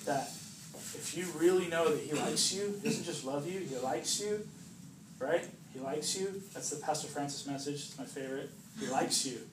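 A male preacher talks informally to a small group, chatty and full of jokes, acting out voices and repeatedly asking "right?" The pitch is fairly high and the speed normal; the recording is roomy and distant, with background noise.

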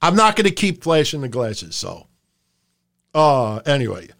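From his room at home under hot lights, a middle-aged podcast host gives rambling, profane, casual live-stream commentary. His voice is medium in pitch, sing-song and a bit bright, creaky, and a little slow.

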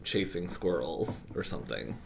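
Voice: low-pitched, lively intonation, moderate pace. A co-host chatting casually and playfully at home, joking and teasing. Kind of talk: casual chat. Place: home room. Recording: home recording with clear background noise.

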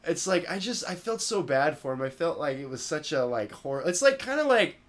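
A young man talks casually, rambling from one thought to the next with plenty of profanity. His voice sits slightly high for a man, and he laughs through much of what he says. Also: big pitch swings, fairly quick. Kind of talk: casual chat.

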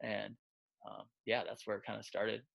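A man who coaches quarterbacks speaks at a moderate pace with a fairly low, gravelly, fairly bright voice and flat delivery. In a casual interview he tells chatty, loose stories heavy on fillers, voicing quoted lines as he goes.

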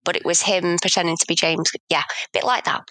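A woman's voice: on the low side, steady tone, brisk, pushed and bright, no echo. A woman, co-hosting a casual film review chat, thoughtful and hedging, with self-mocking humor. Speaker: podcast co-host.

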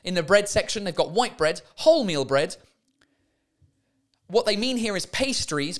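A man's voice: high-pitched, lively intonation, measured pace, long pauses. Chatty, sweary man hosting a comedy podcast. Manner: chatty and sweary, laughing at mistranslations. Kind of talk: casual comic monologue.

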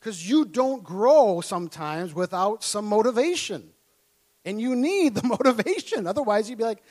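A man from Minnesota preaching a sermon, telling a personal story with animated storytelling, acting out his past self in excited tones and laughing often. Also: sits high, normal speed.

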